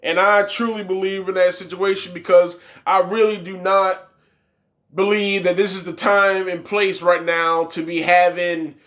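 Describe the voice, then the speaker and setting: A man's voice: sits high, level tone, a little slow, fairly bright tone. A man reviewing a wrestling show, ranting with profane, exasperated commentary.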